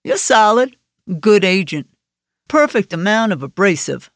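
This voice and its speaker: A woman's voice: medium pitch, very animated, a little slow, dry recording. A woman narrator voicing a cocky, crude male agent who talks in a wisecracking, folksy way in an audiobook. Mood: teasing. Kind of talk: audiobook character voice.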